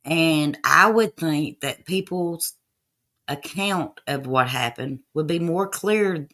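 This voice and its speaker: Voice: medium pitch, a bit bright. A livestream host giving loose, chatty commentary over archive clips, with fillers and asides to chat.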